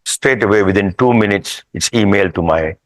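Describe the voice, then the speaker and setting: A man's voice: fairly low pitch, brisk, no room sound, low-quality recording. A man giving a casual, rambling lecture at a workshop, often checking that the audience follows him. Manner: rambling, conversational, with restarts and asides. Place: hotel workshop room.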